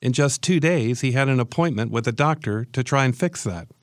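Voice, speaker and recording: A man giving measured scripted documentary narration. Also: mid-range voice, lively intonation, dry recording, clean studio sound.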